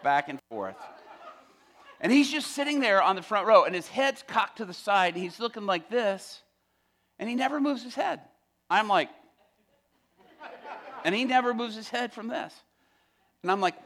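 Male pastor, storytelling sermon, fairly high voice, animated delivery that acts out each character. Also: normal speed, a little hiss or hum.

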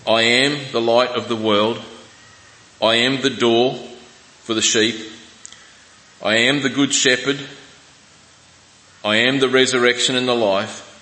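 A man preaching a sermon, reading scripture slowly with restarts and asides. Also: medium pitch, steady tone, bright, forceful tone. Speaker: pastor. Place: church hall. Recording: echoey church hall.

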